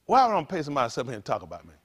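A man's voice: medium pitch, wildly swooping pitch, rapid-fire, breathy edge. A man preaching a casual, conversational sermon as pastor, colloquial and full of rhetorical questions.

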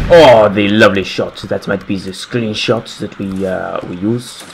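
A young man giving excited gameplay commentary, swearing, laughing and shouting orders. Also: lowish voice, unhurried, hardly any pauses, soft background music. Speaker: gaming video host.

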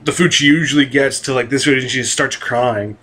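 A young anime vlogger rambles casually about anime, swearing freely and restarting sentences with plenty of fillers. His medium-pitched voice is brisk with a sharp tone.

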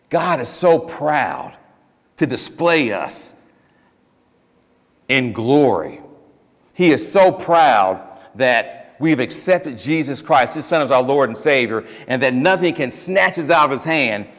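A man preaching a sermon as pastor, emphatic and lively with joking asides, then leading a closing prayer. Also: mid-range voice. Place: church sanctuary. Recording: long reverb of a church hall.

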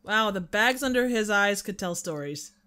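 Giggly woman with a smooth voice. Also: medium pitch, animated, moderate pace, sharp tone. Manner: giggly, teasing. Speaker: guest commentator. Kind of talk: casual movie commentary.

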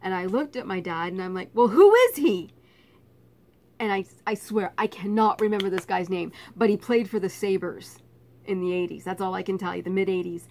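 A middle-aged woman from Canada telling a personal story in a casual vlog, laughing often and getting animated. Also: medium pitch, a little fast, vocal fry. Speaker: vlogger.

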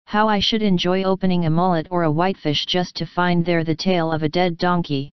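A gruff, greedy man who grumbles indignantly, as a woman reader puts him on. Her voice stays low and smooth, with a dry, close sound and a slightly dull recording. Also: steady tone, a little fast, no room sound, close to an everyday voice. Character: angry greedy man who bought a donkey.

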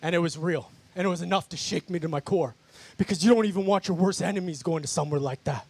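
A man's voice: sits high, quick pace, breathy edge. A man giving a fervent, emphatic preaching testimony to a worship crowd, often calling them "guys". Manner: emphatic, repetitive, keeps addressing the crowd as "guys". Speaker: guest speaker giving testimony. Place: outdoor worship gathering in a park.

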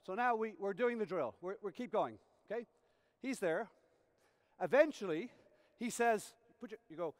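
In a reverberant conference hall recording, a man with a high, animated voice speaks at a moderate pace. He's a tennis coach educator giving a coaching lecture, acting out examples and regularly checking in with listeners.

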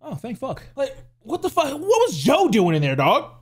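A man's voice: very high voice, huge pitch swings, moderate pace. A young man playing a horror game, jumpy and swearing as he talks to his chat. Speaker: gaming youtuber. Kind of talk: horror game let's play commentary.

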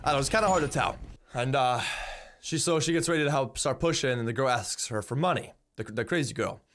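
A man's voice: medium pitch, fast, a bit bright, a little hiss or hum. A young man telling a story in a casual, rambling way, often repeating words and swearing bluntly. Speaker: vlogger.

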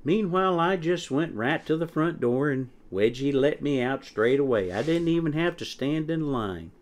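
A man voicing a bratty, smug young hen in a storybook reading, with a squeaky, snide sing-song voice. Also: animated, normal speed, natural voice. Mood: teasing.

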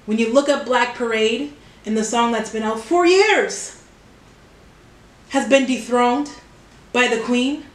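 Young woman, high and unhurried, excitable music-reaction vlogger, faint music behind. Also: echoey room. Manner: excitable, exclaiming and swearing, cheering at the song. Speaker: reaction video creator. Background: music playing from a speaker.

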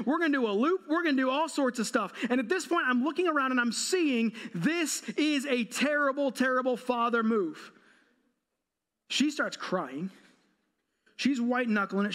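A man's voice: extremely high pitch, a bit bright. A man in his thirties, a pastor giving a sermon, telling a self-mocking, humorous story. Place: church.

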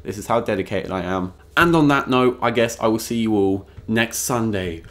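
A man's voice: fairly low pitch, a bit bright. A young man from England, delivering a sarcastic, jokey vlog monologue. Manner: sarcastic, jokey, with quick bursts of put-on voices. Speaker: vlogger.

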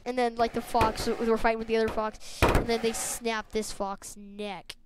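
A woman narrating a ragdoll fight in a game, blurting sound effects and rushing through excited play-by-play. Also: on the high side. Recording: loud background noise.

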